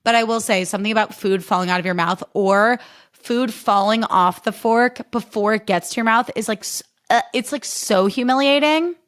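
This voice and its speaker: A young woman hosting a casual solo podcast, chatty and animated, poking fun at herself. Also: medium pitch, normal speed. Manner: chatty, animated, self-deprecating, jumps into funny voices. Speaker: podcast host.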